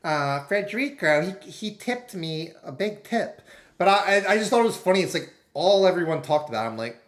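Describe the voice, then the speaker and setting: A man's voice: sits high, expressive, moderate pace. A man streaming and chatting casually, rambling through anecdotes and putting on other people's voices.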